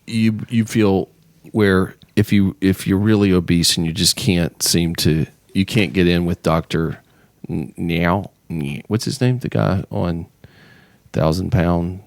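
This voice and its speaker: A man hosting a casual podcast interview, joking and stumbling through quick restarts. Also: low voice, steady tone, gravelly, dry recording. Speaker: podcast host.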